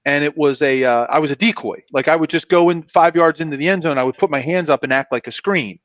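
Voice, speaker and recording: A man's voice: a little high, quick pace, no echo. A man, a former pro football player, telling stories as a guest on a casual fan show, acting out the voices of the people in them. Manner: animated, acts out voices in his stories. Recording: dry, dull lo-fi sound.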